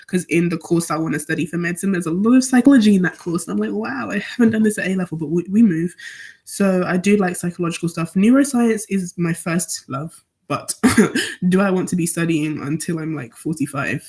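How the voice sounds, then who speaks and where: A seventeen-year-old woman from Nigeria chats casually on a study live stream, rambling as she answers her viewers' questions. Her voice is fairly low and darkish, and she speaks fairly quickly.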